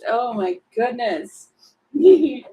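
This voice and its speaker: A woman's voice: fairly high pitch, expressive, drawn-out words, phone-quality sound. A woman giving a casual tarot reading, chatty and giggly, often acting out little quoted lines. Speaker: tarot reader.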